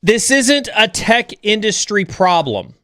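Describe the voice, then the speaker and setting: A man's voice: high voice, sing-song, takes it slowly, pushed and bright, dry recording, studio quality. A man hosting a livestream chat, talking bluntly and with lots of energy, sometimes mocking others in an overreactive voice. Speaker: stream host.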